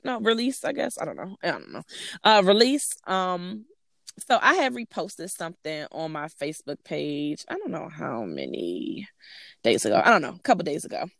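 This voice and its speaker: A woman in her thirties chatting casually as a co-host, ranting with lots of swearing and animated outbursts. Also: fairly low pitch, normal speed, creaky, dry recording, studio quality. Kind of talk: casual chat.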